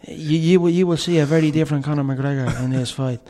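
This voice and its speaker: A cocky young Irish fighter with an Irish accent, put on by a man, slow and deliberate in his boasts. The voice sits a little high with a creaky grain. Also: dark tone, lightly acted. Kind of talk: comic impression.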